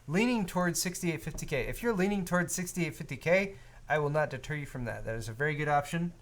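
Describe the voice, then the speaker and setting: A man with a slightly high voice co-hosts a live hardware stream. He reads viewer messages and answers them in a loose, chatty way, full of small restarts. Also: quick pace. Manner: relaxed, reads viewer donations aloud; frequent fillers and restarts, conversational. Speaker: co-host of a hardware show. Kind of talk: casual live-stream chat.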